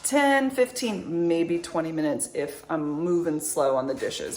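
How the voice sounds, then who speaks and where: In a casual vlog, a woman in her thirties, a mother, chats to her viewers in an upbeat, rambling way full of likes and ums. Her voice sits on the low side with lively intonation at a normal speed.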